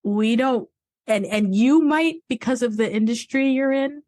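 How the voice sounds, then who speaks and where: A woman's voice: a little high, measured pace, darkish tone, no echo. A woman hosting a podcast in casual interview chat, chatty and laughing often, with family from Cameroon. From Cameroon, English-speaking side. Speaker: podcast host.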